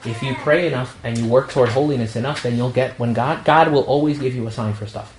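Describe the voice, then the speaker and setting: A male priest speaks to a young adult group in a relaxed, conversational way. He jokes and slips into quoted back-and-forth exchanges. His voice rings around an echoey room over a faint hiss of background noise. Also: medium pitch, fast talker. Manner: conversational and humorous, acts out quoted dialogue. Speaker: priest leading a young adult ministry meeting.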